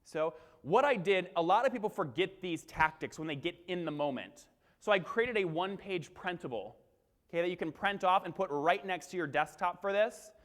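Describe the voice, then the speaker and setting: High-voiced man giving a punchy keynote. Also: lively intonation, moderate pace, fairly bright tone. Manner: punchy, crowd-engaging, acts out webinar lines. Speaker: keynote speaker. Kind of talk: energetic conference keynote. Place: large conference hall. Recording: long hall reverb.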